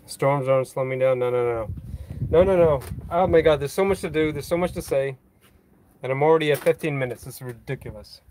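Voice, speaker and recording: A man's voice: medium pitch, brisk, darkish tone, a little hiss or hum. A man chatting casually on a phone livestream from a boatyard, reading viewer comments in a rambling, self-deprecating way with frequent chuckles. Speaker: vlogger hosting a livestream. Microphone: phone held in hand.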